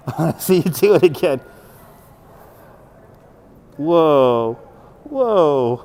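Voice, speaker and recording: A husky, creaky man's voice with a dark tone, pitched on the high side, delivers brisk live walking-stream commentary. He strolls a city street into a market, chatting with his viewers and laughing often, all shot on a phone attached to a handheld gimbal.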